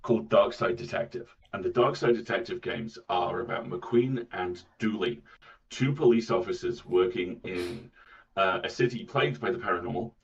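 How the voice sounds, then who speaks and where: A man with a low voice recounts things eagerly, stumbling and restarting. His voice comes through dull and a little far from the mic. It sounds like remote call audio. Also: gravelly. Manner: enthusiastic storyteller, halting restarts. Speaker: voice actor guest. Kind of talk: casual interview chat.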